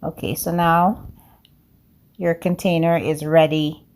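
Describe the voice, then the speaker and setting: Low-voiced lady with an accent walking viewers thru a cake recipe, chatty and upbeat. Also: little pitch movement, slow, a little mellow. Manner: upbeat, talks straight to viewers as "guys"; speaks with a non-native accent of English. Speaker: home cooking vlogger. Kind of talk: chatty cooking demonstration.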